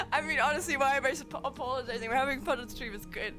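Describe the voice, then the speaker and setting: A woman's voice: high voice, fast, hardly any pauses, music in the background. A young woman from Germany streaming casual chat with viewers, sleepy and giggling until she cries with laughter. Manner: giggly, laughs at her own jokes.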